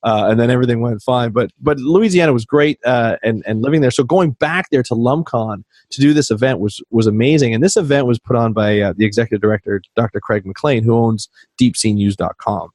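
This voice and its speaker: A man, a podcast guest, telling animated anecdotes in a casual interview. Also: medium pitch, a little fast, hardly any pauses, no echo, clean studio sound. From Canada. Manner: animated anecdotes, acts out quoted dialogue.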